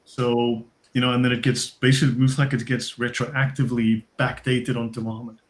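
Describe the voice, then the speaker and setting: Male live-stream host, even and flat, moderates the panel and keeps it on track. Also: medium pitch, a little fast. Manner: steers the discussion, reads out donations.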